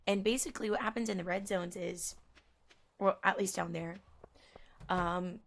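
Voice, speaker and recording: A woman chatting casually while she plays a video game, rambling through a story and reacting out loud to the game. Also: on the low side, fairly even intonation, moderate pace, gravelly. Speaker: gaming streamer. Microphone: headphones on.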